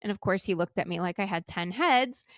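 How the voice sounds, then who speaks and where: A middle-aged woman hosting a solo podcast, talking to listeners in a lively, conversational way and often asking rhetorical questions. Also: medium pitch, a little fast, no echo, clean studio sound. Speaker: podcast host and speaker coach.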